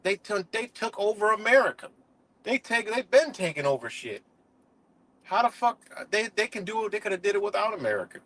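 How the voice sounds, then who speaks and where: A man with a somewhat high voice rants on a live stream, heated and profane. He circles back to the same points and drops "you know" every few phrases. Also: expressive, a little fast, bright, forceful tone, low-quality recording. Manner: says "you know" often. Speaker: livestream host. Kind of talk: casual live-stream commentary rant.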